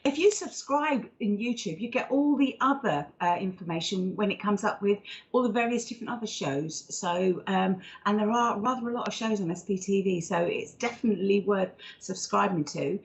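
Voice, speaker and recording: A woman's voice: medium pitch, fairly quick. A woman co-hosting a live psychic stream, chatty, giggly and teasing in casual talk. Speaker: co-host, psychic medium. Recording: dull lo-fi stream audio.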